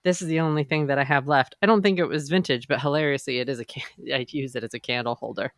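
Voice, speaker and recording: A woman's voice: a bass voice, fast talker, dry recording, clean studio sound. A woman co-hosting a podcast in casual chat, rambling and chatty. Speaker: podcast co-host.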